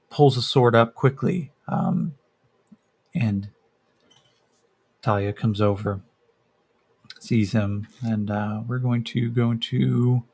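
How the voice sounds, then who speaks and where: A man's voice: medium pitch, gravelly, darkish tone, breathy edge. A man narrating a solo tabletop role-playing game as game master, casual and hesitant with many fillers.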